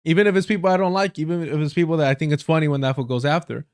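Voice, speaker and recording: A man with a fairly high voice rants on his livestream, blunt and profane, using plenty of street slang. He circles back on phrases for emphasis and often restarts sentences. The sound is dry and close, with no room echo. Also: steady tone, rapid-fire, a little mellow, smooth. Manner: storytelling with repeated phrases and self-corrections. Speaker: livestream host. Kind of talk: casual ranting commentary.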